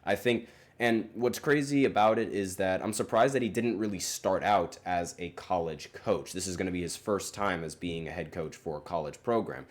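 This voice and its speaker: Deep-voiced man, casual solo sports podcast host, hesitant and rambling delivery. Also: moderate pace. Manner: rambling, hesitant, many fillers and self-corrections.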